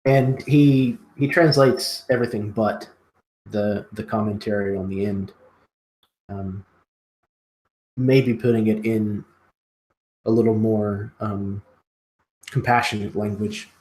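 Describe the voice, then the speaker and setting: A man's voice: fairly low pitch, steady tone, slow pace, long pauses, a little mellow, echoey room, low-quality recording. A man playing a tabletop game, describing his character's actions hesitantly. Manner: hesitant, thinks aloud. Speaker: player. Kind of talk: casual tabletop play.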